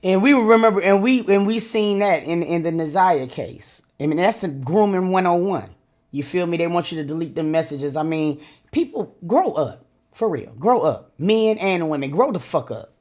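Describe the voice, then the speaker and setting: A woman's voice: lowish voice, moderate pace, darkish tone. A woman co-hosting a reaction channel, chatting casually with profane, exasperated outbursts.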